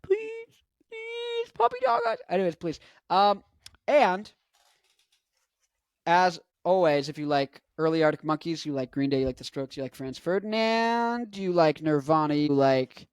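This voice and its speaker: Rambling, animated young man with a slightly high voice. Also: normal speed, clear, resonant tone, dry recording. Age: 20s. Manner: chatty, animated, swings up to excited highs and back; frequent restarts and repeated phrases. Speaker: rock musician vlogger. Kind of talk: casual rambling monologue.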